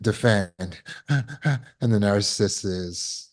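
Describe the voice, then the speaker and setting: A man's voice: lowish voice, extremely slow. A man giving a spoken lesson to an online audience. As a healing course teacher, he asks rhetorical questions and repeats words while he thinks.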